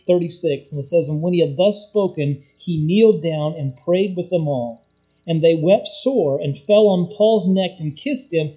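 Male preacher, sermon storytelling, animated delivery, warm and a bit high. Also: husky, rough recording. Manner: animated storytelling, quoting scripture, rising to loud bursts.

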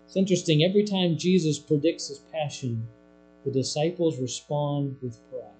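A man preaching a sermon, swinging between hushed, low lines and loud, emphatic ones. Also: moderate pace, faint music behind, low-quality recording.

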